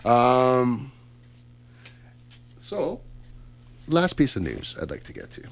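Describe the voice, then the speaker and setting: Canadian man, radio host, chatty and upbeat, average pitch, casual studio talk. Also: huge pitch swings, slow. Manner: chatty, upbeat, lots of fillers and asides.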